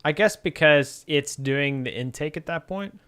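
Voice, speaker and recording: A man's voice: a little high, measured pace, fairly bright tone, clean tone. A man streaming, thinking aloud in casual chat with many fillers and answering his chat.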